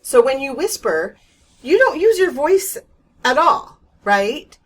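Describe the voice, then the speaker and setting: A woman's voice: high-pitched, very animated, takes it slowly. A woman teaching reading in a patient, reassuring way, explaining sounds step by step and demonstrating them. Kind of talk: instructional video lesson.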